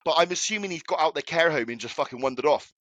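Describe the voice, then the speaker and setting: A man's voice: on the high side, quick pace, no echo. A young man telling a story in casual chat, swearing freely as he talks. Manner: swears a lot, animated anecdote telling. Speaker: podcast co-host.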